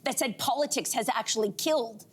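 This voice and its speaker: A woman's voice: on the high side, brisk, breathy edge. A woman hosting a daytime talk panel, playful and leading the discussion. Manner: lively, playful, leads the topic. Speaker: talk show host.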